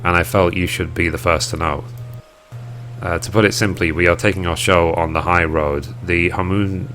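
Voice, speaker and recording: The leader of a travelling music troupe from a game speaks in dramatic, poetic lines, read aloud by a man. The voice is low and even. Faint music plays behind. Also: moderate pace. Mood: theatrical.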